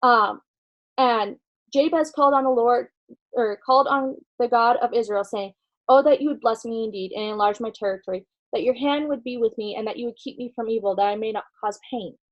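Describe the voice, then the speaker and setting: Sharing notes from a conference, a woman retells a faith story chattily, full of ums and likes, acting out the dialogue as she goes. Her voice is a little high and a little fast, and the sound is lo-fi.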